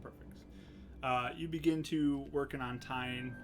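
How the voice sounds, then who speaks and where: A man's voice: medium pitch, fairly even intonation, slow pace. A man narrating a tabletop game as game master, with hesitant, filler-heavy delivery. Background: music.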